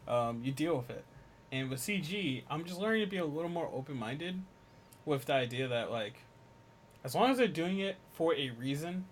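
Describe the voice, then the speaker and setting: A man co-hosting a casual podcast chat, animated, dropping to low mumbles and jumping to loud exclamations. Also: a little hiss or hum. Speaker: podcast co-host.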